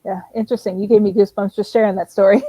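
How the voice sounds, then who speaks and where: A woman hosts an interview and mostly listens, answering in short, attentive phrases. Her voice is mellow and soft-edged. She wraps up with friendly, brief remarks. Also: mid-range voice, flat delivery, rapid-fire, breathy edge, low-quality recording. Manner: attentive, brief affirmations, light laughter. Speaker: host. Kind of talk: interview host.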